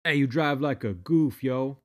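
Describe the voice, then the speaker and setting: A man's voice: medium pitch, a little slow, a little mellow, voice pushed up, close to an everyday voice. A man putting on the voice of a young male road-rage driver, slangy and taunting.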